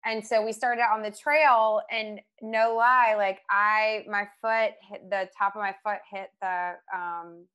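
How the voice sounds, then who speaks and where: A woman chats casually and tells personal stories with lively emotion. Her pitch sits in the middle of the range, and she laughs often as she talks. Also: unhurried, few pauses, clean tone, muffled recording. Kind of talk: casual chat.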